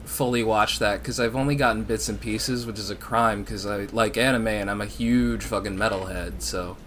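A man in casual podcast chat, excitable and swearing, often trailing off and restarting his sentences. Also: lowish voice, normal speed. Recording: faint background noise.

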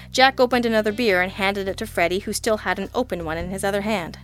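A woman reading an audiobook in first person, with a sardonic, deadpan delivery. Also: mid-range voice, fast, hardly any pauses, soft background music. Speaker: audiobook narrator. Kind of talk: first-person scripted narration.

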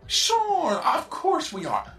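A man's voice: very high voice, wildly swooping pitch, takes it slowly, creaky, sharp tone, distant mic, exaggerated voice. An actor voicing a scheming male computer that fawns falsely over his captain. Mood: fawning. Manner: oily, fawning, sinister.

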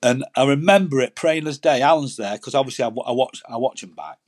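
Talking fast in a mid-range voice, this male angler joins a casual chat as a guest. His stories wander, and he frequently repeats his words.

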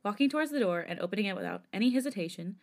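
A woman hosting a podcast reads fanfiction aloud in an even, steady way. Her voice sits at a middle pitch for a woman. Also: rapid-fire. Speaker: podcast host.

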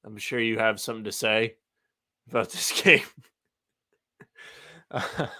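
A man's voice: on the low side, fairly even intonation, measured pace, bright, forceful tone. A man co-hosting a casual sports podcast, making laid-back, dry remarks and reading the sign-off. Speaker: podcast co-host. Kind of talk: casual chat.

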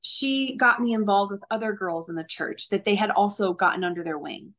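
A woman's voice: medium pitch, brisk, fairly bright tone. Earnest woman telling her story. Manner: earnest, laughs often, acts out quoted voices. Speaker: guest sharing her testimony. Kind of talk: conversational faith testimony.

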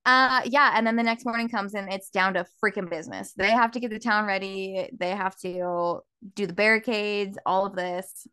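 A woman's voice: medium pitch, normal speed, hardly any pauses, smooth, no echo. Woman retelling a plot, dry sound. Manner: animated plot retelling, lots of filler "like". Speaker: podcast co-host. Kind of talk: casual book recap chat.

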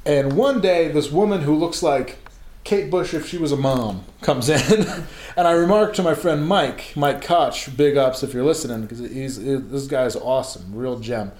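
A man's voice: medium pitch, unhurried, a little mellow. A man in his thirties telling a long, rambling story in casual chat, laughing and swearing as he goes. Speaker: podcast co-host telling stories. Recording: echoey room.

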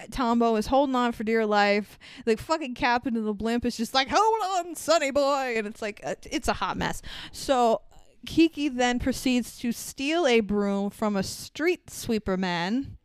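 A young adult woman casually recapping a movie, animated and swearing, acting out scenes with sound effects. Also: on the high side, unhurried, smooth, no echo, studio quality. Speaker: podcast co-host.

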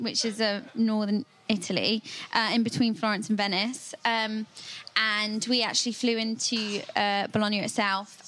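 A woman's voice: medium pitch, a bit bright, slight background noise. A woman chatting as a podcast guest, talking in a chatty way with lots of fillers and giggles. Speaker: magazine web assistant, guest. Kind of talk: casual podcast chat.

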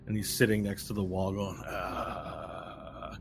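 Low-voiced man narrating as game master. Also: little pitch movement, faint music behind. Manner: vivid, halting narration with shouted monster cries.

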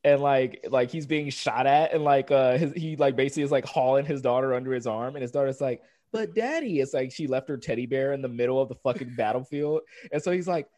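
A young man co-hosting a casual chat, laughing often and acting out scenes in silly high voices. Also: steady tone, fast, few pauses, darkish tone, no echo. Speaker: podcast co-host.

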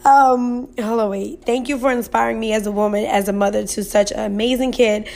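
A woman's voice: fairly high pitch, fairly even intonation, brisk, vocal fry, a little mellow. Chatty young woman podcast host. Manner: emotional, laughing, colloquial and chatty. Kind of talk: casual podcast chat reading listener messages.

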